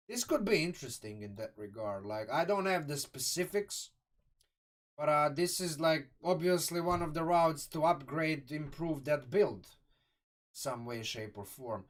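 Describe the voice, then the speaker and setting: Croatian man, casual stream host, excitable rambler who swears, slightly high voice. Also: far from the mic. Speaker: live streamer reviewing a game sourcebook. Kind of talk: casual live-stream commentary.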